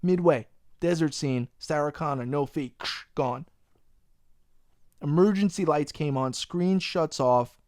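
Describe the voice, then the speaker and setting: A young man hosting a podcast, animated and profane, ranting in casual chat. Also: on the high side, slow pace, no echo, studio quality. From Long Island, New York. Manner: profane, animated ranting, says "bro" a lot. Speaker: podcast host.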